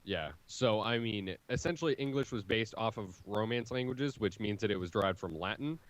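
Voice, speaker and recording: A man's voice: fairly low pitch, brisk, low-quality recording. An American man in casual podcast chat, rambling as he explains things at length.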